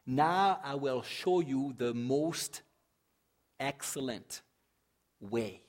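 A male pastor giving a sermon in a conversational way, asking the congregation questions, joking, and reading scripture dramatically, swelling loud and dropping soft. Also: mid-range voice, lively intonation, very slow. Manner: conversational preaching with rhetorical questions and humor.

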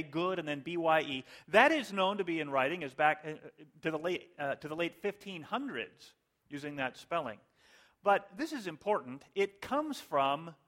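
A man's voice: fairly high pitch, fairly bright tone. A male pastor giving a conversational sermon with joking asides.

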